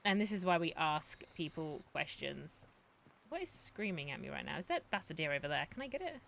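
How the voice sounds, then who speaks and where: Woman streamer, young, bright voice, swears a lot, jumpy gameplay commentary. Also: low-pitched, brisk, gravelly, a little hiss or hum. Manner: profane, excitable, talks to herself and chat.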